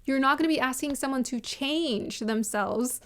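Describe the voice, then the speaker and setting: Animated woman with a high voice. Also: normal speed. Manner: animated, emphatic, laughs often, repeats points. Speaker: vlogger reviewing a reality show. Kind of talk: casual opinionated commentary.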